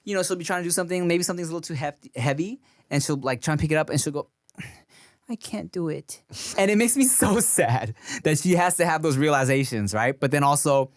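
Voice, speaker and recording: A man in his thirties hosting a podcast, telling loose, profane stories with quick asides in casual chat. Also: fairly high pitch, expressive, dry recording, clean studio sound. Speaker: podcast host.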